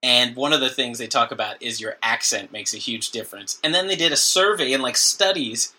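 Male podcast co-host, very bright tone, joking casual banter, from New Jersey. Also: mid-range voice. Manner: joking, laughs often, does quick funny voices. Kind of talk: casual chat.

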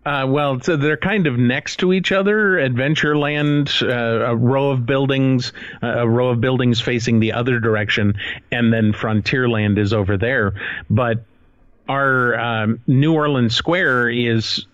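A man speaking slowly and deliberately in a relaxed chat. The recording is dry, with no room sound, and slightly muffled. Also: mid-range voice, no room sound. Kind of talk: casual chat.

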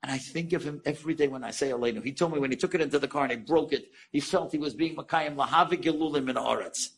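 A man telling an inspirational story as a sermon, animated and asking the listeners questions. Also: fairly high pitch, fast talker, slightly rough.

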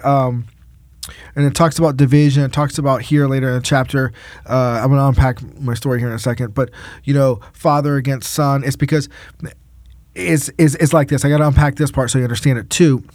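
A man, a pastor, telling a faith story in casual podcast talk, acting out the quotes with lively energy. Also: mid-range voice, no echo. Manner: animated preaching storyteller, acts out quotes.

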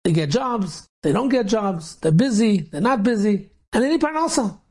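A man, a rabbi, tells an inspirational story with animated energy. His voice is dark and mellow with a husky edge. He peppers the telling with Yiddish and Hebrew words. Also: high-pitched, moderate pace.

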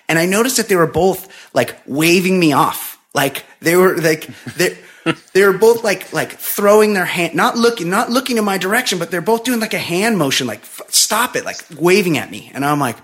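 A man's voice: a little high, fairly bright tone. A man co-hosting a podcast, telling a long story in casual, profane, rambling chat full of fillers. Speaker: podcast co-host.

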